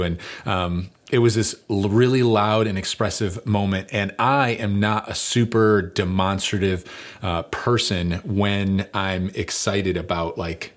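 A man's voice: on the low side, steady tone, unhurried. A middle-aged male lead pastor delivering a conversational sermon, telling stories with fillers and self-deprecating humor.

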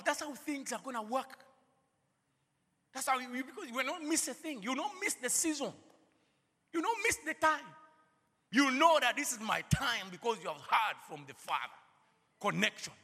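A male preacher with a very high, husky, gravelly voice, sharp and forceful in tone. He fills his sermon with "you know" and laughs between phrases, building to shouted calls. The sound rings with the long reverb of a church hall. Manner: rises to shouting calls at peaks.

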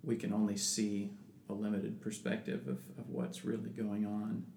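A man's voice: fairly low pitch, little pitch movement, moderate pace, dark tone. A man in casual religious discussion who talks thoughtfully with many restarts and reads scripture aloud. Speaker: podcast co-host. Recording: echoey room with background noise.

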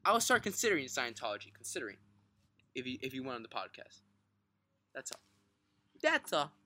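Man, podcast co-host, casual banter, slurred thick speech, swears, animated voice. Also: medium pitch, fast, no room sound. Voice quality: thick, mumbled articulation. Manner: excitable, swears a lot, laughs often.

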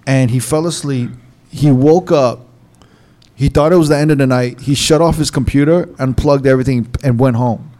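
Man, DJ, casual chat, profane, animated storytelling, laughs a lot. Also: medium pitch, moderate pace. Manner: profane, laughing, acts out quotes.

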